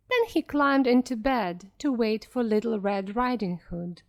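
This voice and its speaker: Slow, clear woman reading a story. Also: fairly high pitch, expressive, a little mellow. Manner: clear and deliberate. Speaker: narrator. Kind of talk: slow storybook narration for English learners.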